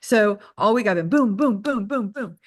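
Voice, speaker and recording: A woman coaching a group in a loose, chatty way, full of "like" and candid self-deprecating asides. Her voice is mid-pitched for a woman. The sound is close and dry, with almost no room echo. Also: expressive, normal speed. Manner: chatty storytelling, heavy use of "like". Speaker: real estate trainer. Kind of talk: casual group coaching talk.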